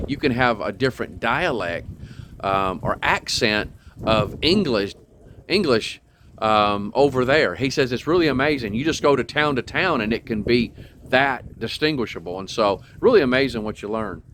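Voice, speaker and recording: Older man, lowish voice, rambling vlog chat, many ums, outdoors, faint background noise. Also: a bit bright. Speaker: RV travel vlogger. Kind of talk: casual walking vlog. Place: outdoors at a state park campground.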